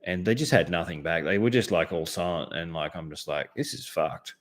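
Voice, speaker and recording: A man's voice: deep voice, fairly quick. An Australian man hosting a show, telling a heated story in a casual, profane way, with lots of fillers and restarts. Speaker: host.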